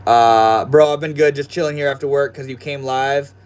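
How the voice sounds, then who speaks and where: A man's voice: mid-range voice, steady tone, moderate pace, clear, resonant tone. A young man hosting a casual livestream from his room at home, chatting with viewers in a laid-back, slangy way. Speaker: livestream host. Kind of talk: casual livestream chat reading viewer comments.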